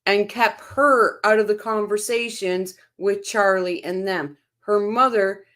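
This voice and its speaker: A woman's voice: medium pitch, steady tone, a little slow, fairly bright tone. A woman hosting a casual true-crime livestream, reading viewer comments aloud and reacting to them in a chatty way. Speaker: livestream host reading chat.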